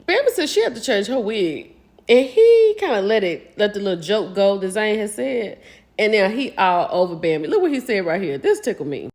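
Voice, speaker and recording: A woman, chatting casually as she recaps a reality show, gossiping and acting out what people said. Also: fairly high pitch. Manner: animated, gossipy, acts out quotes.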